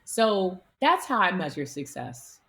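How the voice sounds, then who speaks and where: Woman doctor chatting in an interview, lowish voice, animated, tells stories with lots of energy. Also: a little slow. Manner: animated, acts out quoted people in her stories. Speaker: physician, guest. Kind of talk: conversational interview storytelling.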